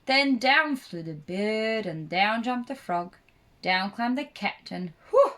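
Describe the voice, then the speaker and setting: Woman narrator for a children's puppet show, slow and expressive rhyming read-aloud. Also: medium pitch.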